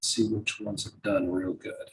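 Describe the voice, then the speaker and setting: A man's voice: fairly low pitch, level tone, unhurried, a little hiss or hum, rough recording. A man teaching over a screen share in a loose, casual way, swearing and thinking aloud as he clicks through. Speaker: marketing instructor.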